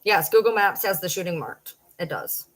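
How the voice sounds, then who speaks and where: A woman's voice: on the low side, lively intonation, moderate pace, a bit bright, rough recording. Blunt, swearing woman with a Michigan accent. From Michigan, Detroit downriver area. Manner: blunt, profane, chatty. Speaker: social media personality. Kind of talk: late-night livestream chat.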